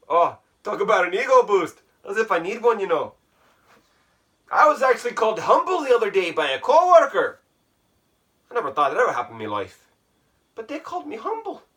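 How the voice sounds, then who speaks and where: A man's voice: fairly high pitch, pushed and bright, recorded from a distance. A man vlogging while sitting in an ice bath at home, musing aloud in a rambling, self-mocking way with a put-on Irish brogue. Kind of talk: casual reflective monologue.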